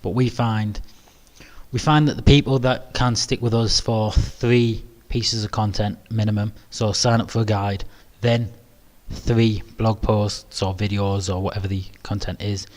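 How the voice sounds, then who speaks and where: A man's voice: lowish voice, level tone, unhurried. A man with a British accent hosting a live webinar Q&A, talking in a modest, hesitant way with many ums and restarts. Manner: modest, self-deprecating. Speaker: webinar presenter.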